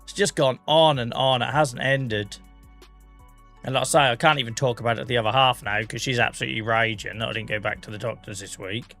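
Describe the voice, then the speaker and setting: A chatty man from the UK with an English regional accent, a bit under the weather, talking on a live stream. His voice is bright and forward, with faint music playing behind him. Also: mid-range voice, fairly even intonation, fairly quick. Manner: chatty, laughs often, British slang. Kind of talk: casual live-stream chat.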